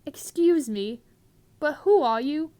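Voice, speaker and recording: A woman's voice: high voice, animated, slow, mellow, voice pushed up. A woman voicing an anxious young boy wizard in a comedic script reading. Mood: startled.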